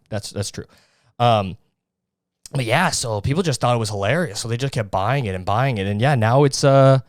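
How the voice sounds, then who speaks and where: A man's voice: mid-range voice, clean tone, no room sound, studio quality. A young man from Canada hosting a comedy podcast, ranting sarcastically and profanely in a rambling monologue. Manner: sarcastic, profane, rambling with mock-naive voices. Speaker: podcast host.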